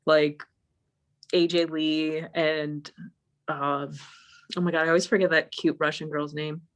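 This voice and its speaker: A woman's voice: sits low, measured pace. A young woman on an online voice call, telling a story in casual chat, swearing often and acting out what she said at the time. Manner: animated, swears often, acts out her own past lines. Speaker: guest.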